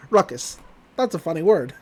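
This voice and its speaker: Laughing often and performing the characters' lines, a podcast host walks through a cartoon episode in a casual recap. The voice is medium-pitched and unhurried, peppered with wry comments on the plot.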